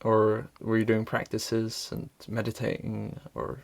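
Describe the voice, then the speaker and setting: A man hosting an interview, asking open questions and softly backing the guest with short sounds of assent. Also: lowish voice, completely flat delivery, unhurried, vocal fry, no room sound. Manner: soft listener, many "mm"s between guest's lines. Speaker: podcast host.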